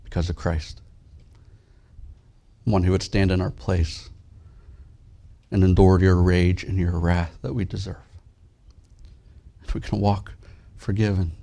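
Male pastor, low gravelly voice, earnest sermon delivery with a lifted scripture reading. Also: flat delivery. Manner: earnest, rises and grows louder when reading scripture; drops soft and slow in prayer.

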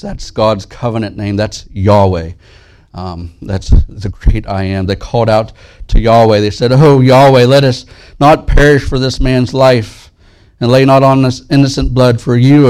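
A man preaching a sermon as pastor, soft and slow in prayer, lifting his voice when he reads scripture aloud. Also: medium pitch, smooth. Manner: earnest, rises and grows louder when reading scripture.

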